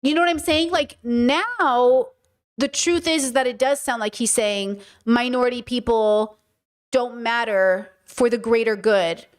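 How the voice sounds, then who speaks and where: A woman's voice: fairly high pitch, unhurried. A woman streamer giving casual live commentary, emphatic, asking rhetorical questions and using many fillers. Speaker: streamer reacting to clips.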